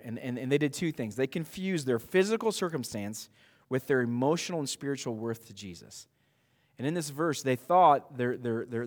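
A man preaching a sermon to his church in a conversational, animated way, with frequent asides. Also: medium pitch, long reverb tail. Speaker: pastor.

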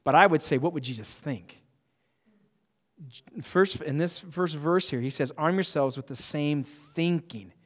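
A man's voice: fairly high pitch, a little slow. Man preaching in an echoing hall. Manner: emphatic, conversational preaching with frequent restarts. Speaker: pastor. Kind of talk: sermon. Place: church sanctuary.

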